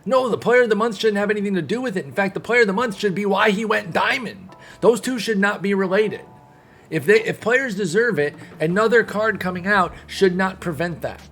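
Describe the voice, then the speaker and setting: A man's voice: high voice, animated, brisk, fairly bright tone, soft background music. A young man streaming, ranting casually to his chat, heated and rambling with many restarts. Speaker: gaming streamer. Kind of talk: casual commentary to live chat.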